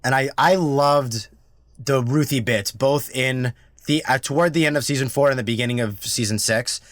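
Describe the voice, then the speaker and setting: A man co-hosting a casual review podcast, talking earnestly with halting restarts. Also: mid-range voice, dry recording, studio quality. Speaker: podcast co-host.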